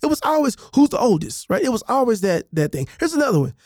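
A man reading his own book in an animated, conversational way, with repeated asides, acting out the voices of adults and kids. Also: extremely high pitch, fast talker, no room sound, studio quality.

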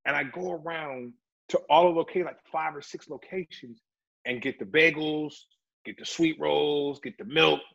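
Middle-aged guy, husky voice, chatty storyteller in an interview, muffled lo-fi audio. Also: a little high, normal speed. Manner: animated, chatty, slips into voices. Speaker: actor and guest.

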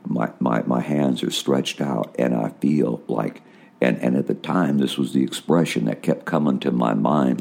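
A man with a very low, gravelly voice gives a personal testimony sermon about his visions. He talks in a raspy, husky tone, circling back on his words and pleading with his listeners. He speaks with fervent emotion throughout. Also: warm tone. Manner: emotional, repetitive, addresses listeners as folks. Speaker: preacher recounting visions.

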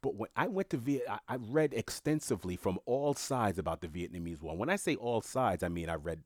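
A man's voice: on the low side, expressive, a little fast, a little mellow, no echo, clean studio sound. A man speaking his mind in an opinionated monologue, arguing hard and repeating points for emphasis, his voice leaping up when he gets worked up. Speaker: political commentator.

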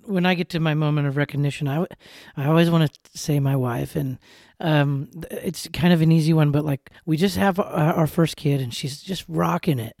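A man in his thirties hosting a podcast interview in an earnest, heartfelt way, repeating words as he looks for the right ones. His voice is mellow and gravelly and sits a bit high for a man. The sound is dry and close. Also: fairly quick, no room sound. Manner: earnest, repeats words while searching for them. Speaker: podcast host.

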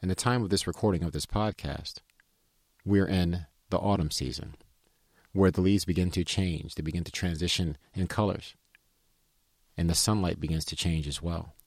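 A male professor hosting a podcast, opening in a formal, deliberate way and chatting. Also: sits low, gravelly, darkish tone, slightly rough, no echo, studio quality. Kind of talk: podcast introduction and chat.

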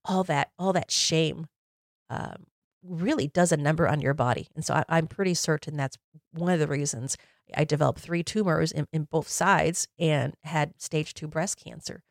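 A woman's voice: deep voice, moderate pace, dry recording, studio quality. A woman in her forties hosting a podcast, telling personal stories in an earnest, reflective, conversational way. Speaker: podcast host.

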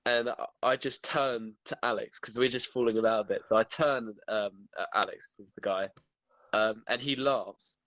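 A man's voice: on the low side, normal speed, no room sound, dull audio. A young man casually telling a funny school story among friends, laughing often. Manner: animated, laughing through his stories. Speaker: guest.

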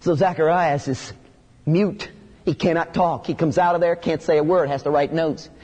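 Male preacher, high-pitched, emphatic and conversational, loud bursts, reverberant hall. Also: steady tone, normal speed, husky. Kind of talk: expository sermon.

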